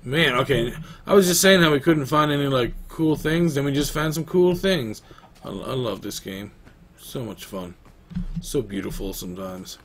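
A young man chatting loosely through a let's-play, rambling and talking back to the dog in the game. His voice sits at an everyday middle pitch. Faint clicking and hiss run under it. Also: expressive, normal speed. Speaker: gaming YouTuber. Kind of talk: casual let's-play commentary.

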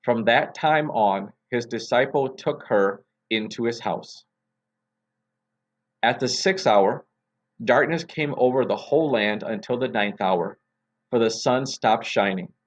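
Slow, measured pastor reading scripture. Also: male voice, mid-range voice.

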